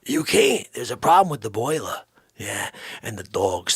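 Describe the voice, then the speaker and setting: A man hosting a comedy show, telling a rambling comic story, lurching between loud outbursts and hushed asides in a raspy voice. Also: mid-range voice, very animated, normal speed, dry recording, clean studio sound. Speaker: comedy podcast host.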